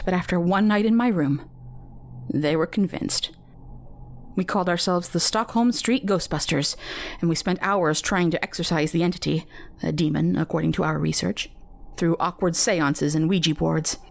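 A woman with a lowish voice reads a first-person horror tale aloud. Her delivery is measured and intimate, a scripted narration for a dark-fiction podcast. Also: a little hiss or hum.

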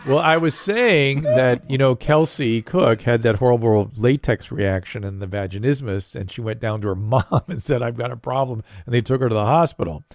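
A man's voice: medium pitch, normal speed, hardly any pauses. An older man hosting a casual podcast, a doctor who explains medical points plainly while answering listener questions.

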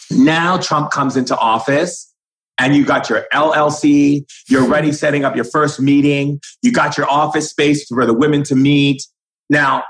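A man's voice: medium pitch, a bit bright, rough recording. A man speaking as a spiritual guide in an impassioned, preachy way, acting out quoted conversations.

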